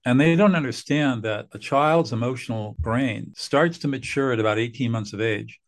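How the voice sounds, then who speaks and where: A man's voice: medium pitch, moderate pace. An older man, a mediator guest on a podcast, explaining earnestly and acting out what parents and bosses say. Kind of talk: podcast interview.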